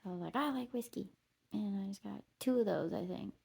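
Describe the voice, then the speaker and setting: A woman's voice: mid-range voice, quick pace, vocal fry, warm tone, a little hiss or hum. A woman vlogging outdoors on a trail, telling a meandering personal story, swearing and laughing at herself.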